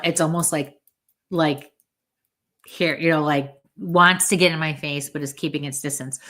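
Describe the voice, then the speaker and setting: A woman's voice: low-pitched, fairly bright tone. A woman, a medium and podcast guest, tells a story in a chatty way, acting out the lines people said. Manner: chatty, acts out quoted dialogue. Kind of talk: casual storytelling in a podcast interview.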